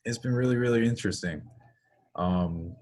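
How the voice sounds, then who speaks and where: A podcast co-host from the US East Coast, telling stories in casual chat with an emphatic, animated manner. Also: male voice, mid-range voice, normal speed.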